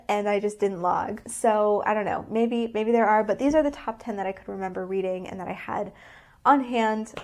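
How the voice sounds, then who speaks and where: A woman reviewing books on her vlog, earnest and openly emotional, rambling with frequent restarts. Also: mid-range voice. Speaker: book vlogger. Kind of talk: casual book review vlog.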